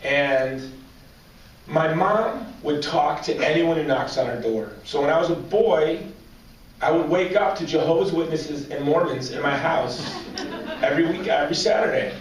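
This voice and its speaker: A man in his forties giving a humorous personal story speech at a banquet, as an animated, joking storyteller. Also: on the high side, normal speed. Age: 40s. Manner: joking, animated storyteller drawing audience laughs. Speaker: banquet speaker. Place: large banquet hall with audience. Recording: echoey hall, distant mic, faint noise.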